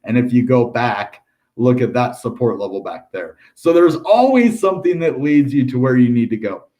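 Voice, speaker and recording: A man's voice: mid-range voice, expressive, moderate pace, dark tone. An American man hosting a crypto channel, talking casually through price charts with lots of filler words and upbeat asides. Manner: chatty, upbeat, lots of ums and dude. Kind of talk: casual chart analysis livestream.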